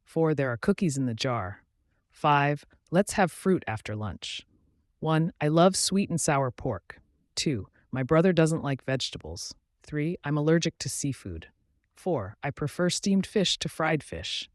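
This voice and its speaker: Guy reading numbered phrases for learners, slow n clear, kinda high voice, dry close sound. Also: very animated, no room sound. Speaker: English teacher.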